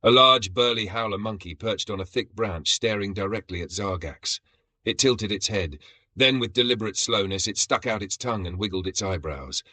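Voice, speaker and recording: Male storyteller, low-ish husky voice, dramatic scripted narration. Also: moderate pace, pushed and bright, dry recording.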